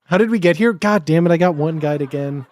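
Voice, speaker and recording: A man's voice: a little high, fast, a little mellow. A young man streaming, chatting casually with rambling, giggly, crude jokes.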